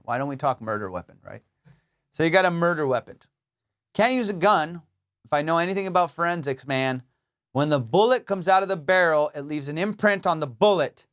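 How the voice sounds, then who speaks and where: A man's voice: on the high side, a bit bright. A man hosting a comedy podcast, riffing in a rambling, profane monologue from his studio. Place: home studio.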